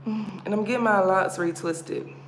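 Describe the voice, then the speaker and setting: A woman's voice: mid-range voice, normal speed. Woman, livestream host, casual chat, playful, roomy echo. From United States. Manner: chatty, laughing, playful. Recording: roomy echo, background noise.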